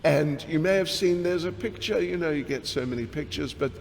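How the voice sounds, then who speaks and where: A man, a swami, giving a scripture class as a sermon, talking slowly and deliberately and clearing his throat often. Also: fairly high pitch. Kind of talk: sermon-style scripture lecture. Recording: long hall reverb with faint background noise.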